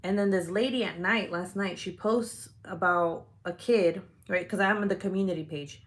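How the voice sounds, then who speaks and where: A young woman vlogger tells a story straight to her viewers in a fired-up, profane way. Her voice sits a little low for a woman, and she keeps reaching for "like" between phrases. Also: normal speed. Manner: heated, profane retelling with many "like" fillers. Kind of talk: casual storytelling to camera.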